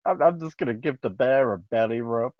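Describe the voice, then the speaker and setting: A man's voice: medium pitch, expressive, fairly quick, no echo. A man playing a tabletop game, talking casually and playfully, stumbling over his words. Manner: stammering, playful. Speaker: player. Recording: dull lo-fi mic.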